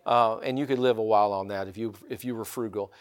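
A man's voice: lowish voice, fairly even intonation, fast talker. An older man from Indiana preaching a sermon in a folksy way, often calling out for amens. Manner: folksy, calls for amens from the congregation. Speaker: pastor.

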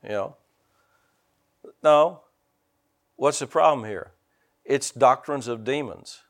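A man's voice: mid-range voice, slow. An older man, a pastor preaching a folksy, joking sermon and calling out to his congregation.

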